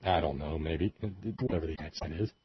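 A man's voice: rumbling low, brisk, slightly rough, no echo. A man from West Virginia giving a rambling, sardonic commentary monologue with frequent hesitations. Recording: dull lo-fi audio, dry.

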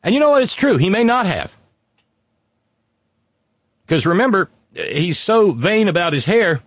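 A man's voice: high-pitched, no room sound. A man hosting a comedy talk stream, reading viewer comments with sardonic, profane asides.

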